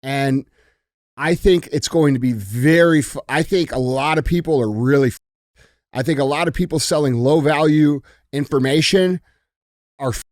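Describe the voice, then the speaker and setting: A man's voice: fairly high pitch, moderate pace, a little mellow, no echo. Brash man on a dry mic. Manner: brash and casual, says dude and bro, swears often. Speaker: podcast guest. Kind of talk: casual podcast conversation.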